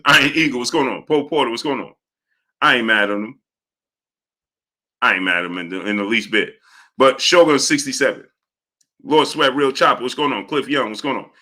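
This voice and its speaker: A man hosting a live stream, greeting viewers by name and repeating catchphrases in a lively way. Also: mid-range voice. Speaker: live-stream host reading viewer chat. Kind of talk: casual live-stream chat.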